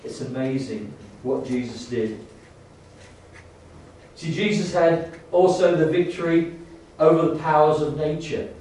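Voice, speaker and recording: A man preaching a sermon in a church, halting with many restarts and rising to fervent emphasis. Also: fairly high pitch, a little mellow. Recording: echoey church hall, distant mic.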